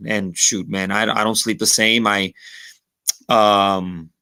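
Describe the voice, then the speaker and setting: A man, a guest on a podcast, telling stories in a relaxed, casual way and slipping in Spanish words. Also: fairly low pitch, measured pace, gravelly. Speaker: podcast guest, former football player. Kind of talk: casual conversation.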